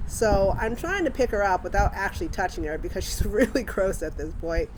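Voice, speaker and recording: A young woman telling casual family anecdotes as a mother, wry and animated, acting out the dialogue as she goes. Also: mid-range voice, fairly quick, noisy background.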